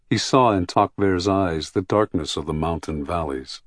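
A man narrating an audiobook in a measured, even storytelling manner, close to the mic. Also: low voice, no room sound.

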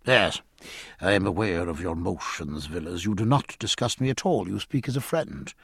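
A man reading an audiobook, voicing a measured, dry-witted grown man who talks in wry, reasoned phrases. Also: animated, gravelly, fairly bright tone, breathy edge, dry recording, full character voice. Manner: measured, wry, lower-pitched delivery. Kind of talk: audiobook character voice.

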